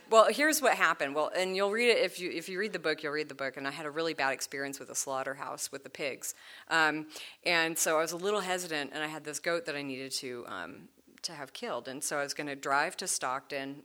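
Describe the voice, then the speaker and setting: A woman telling stories in a casual conversation, animated and laughing, often acting out the voices of people she quotes. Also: sits low. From United States.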